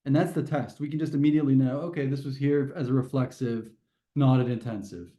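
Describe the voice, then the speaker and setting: A man's voice: medium pitch, fast, mellow. A man teaching a test prep grammar lesson to a class, explaining step by step and often restarting his phrases.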